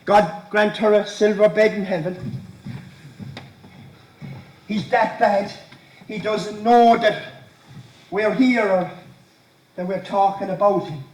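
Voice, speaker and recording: A man's voice: high voice, darkish tone. Man playing a brooding odd young Irishman. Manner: halting, repeats words, fearful. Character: odd brooding young countryman haunted by legends. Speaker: stage actor. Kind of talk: amateur stage play. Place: stage in a hall. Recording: echoey hall from far off.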